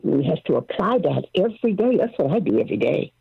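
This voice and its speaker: Older woman, singer guest, lively storyteller, husky voice, tinny dry phone line. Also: lowish voice, quick pace, no room sound. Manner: animated storyteller, acts out quotes. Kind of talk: casual interview over the phone.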